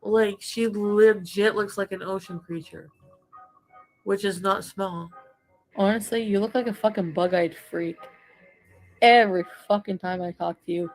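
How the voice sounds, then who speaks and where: A woman's voice: medium pitch, fairly even intonation, a little slow, soft background music, rough recording. A woman on a livestream, ranting and hurling vulgar insults at the people she is feuding with. She fires out name-calling in bursts and keeps swearing at them. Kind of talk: profane insult rant.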